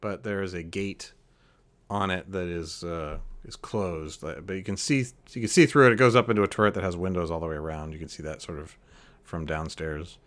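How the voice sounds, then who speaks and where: A man running a tabletop horror game as game master, describing scenes in a loose, halting way full of ums and likes. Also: low-pitched, fairly bright tone.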